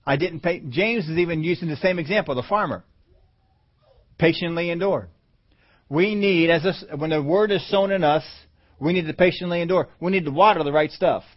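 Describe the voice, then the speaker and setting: A man preaching a sermon with emphasis, acting out the voices of doubters. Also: on the high side. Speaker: pastor. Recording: dull lo-fi sermon audio.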